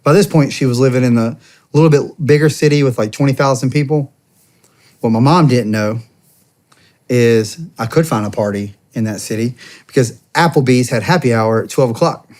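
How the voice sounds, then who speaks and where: A man's voice: mid-range voice, normal speed. A man in his thirties, a podcast guest, telling a loose, slangy story with laughs, acting out the dialogue. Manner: animated, acts out dialogue in quoted voices. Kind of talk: casual storytelling.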